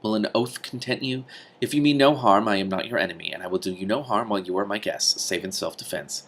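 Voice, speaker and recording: Man playing a courteous magician, wordy, amused, husky low voice, storybook. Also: fast talker, a bit bright. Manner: polite, verbose.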